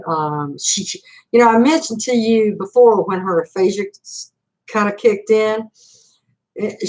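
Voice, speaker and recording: A woman's voice: medium pitch, rough recording. An older woman hosting a casual livestream, telling a rambling story full of acted-out quotes and laughter. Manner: frequent laughs and fillers. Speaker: channel host.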